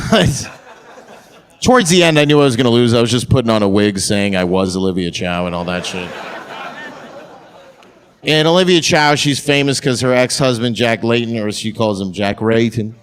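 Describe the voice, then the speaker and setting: A man's voice: mid-range voice, expressive, fairly quick, a faint crowd. A man doing a stand-up comedy set on a club stage, with brash, crude delivery.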